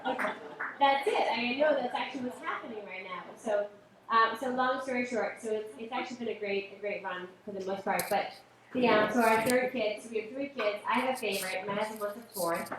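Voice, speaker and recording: A woman's voice: on the high side, fairly quick, distant mic, noisy background. Chatty woman comic in an echoey club. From Boston area. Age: late 30s. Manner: chatty, self-deprecating, with lots of fillers and asides. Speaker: stand-up comedian. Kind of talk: live stand-up set. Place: comedy club stage. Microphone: stage microphone. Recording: roomy live-stream audio from afar.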